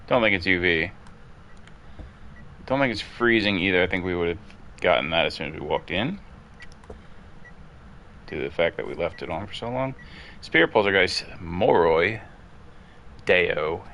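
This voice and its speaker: A man's voice: sits low, animated, a little slow, pauses often, muffled recording, a little hiss or hum. A man chatting casually as he plays a ghost-hunting game, musing aloud and calling out questions to the ghost. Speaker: gamer streaming his play. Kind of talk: casual commentary while playing.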